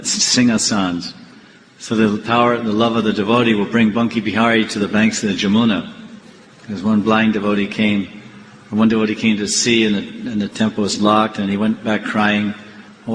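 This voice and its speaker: A swami giving a devotional class, telling temple stories and acting out the characters' voices. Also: male voice, on the low side. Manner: animated storyteller acting out the characters' lines. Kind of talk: devotional storytelling lecture. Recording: echoey hall with faint noise.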